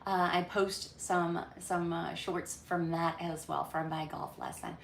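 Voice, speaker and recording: A woman hosting a casual livestream from home, rambling through her weekly recap with lots of ums and pauses. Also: on the low side, steady tone, gravelly, slight background noise. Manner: rambling, chatty, many ums. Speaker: livestream host. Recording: echoey room.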